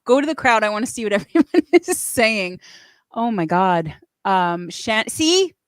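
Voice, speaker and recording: A woman's voice: medium pitch, very animated, unhurried, dry recording, clean studio sound. Gushing, emotional woman host. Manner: emotional, gushing, reads chat aloud. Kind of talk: casual livestream chat.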